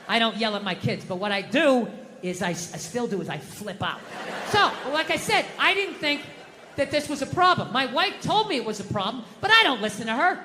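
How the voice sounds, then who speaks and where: A middle-aged man doing profane stand-up storytelling, ranting and bursting into shouts. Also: extremely high pitch, big pitch swings, brisk. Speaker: stand-up comedian. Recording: live hall reverb, faint noise.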